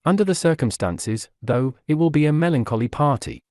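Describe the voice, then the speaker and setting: A man voicing a slow-drawling American gentleman, polite and genteel, with an American accent. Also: on the high side, lively intonation, dry recording, clean studio sound, voice pushed up, lightly acted. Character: slow-drawling American male art collector.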